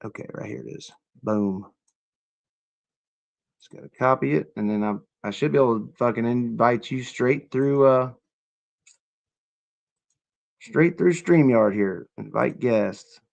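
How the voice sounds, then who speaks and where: A man's voice: medium pitch, unhurried, creaky, long pauses, muffled recording. Casual, profane male livestream host. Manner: loose, profane, chatty.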